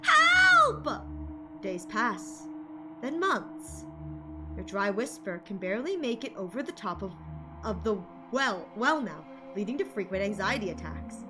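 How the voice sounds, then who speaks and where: A young woman streaming a video game, reading its text aloud and reacting with excitable, dramatic outbursts. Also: medium pitch, unhurried, loud music behind the voice. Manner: excitable, laughing, dramatic shouts.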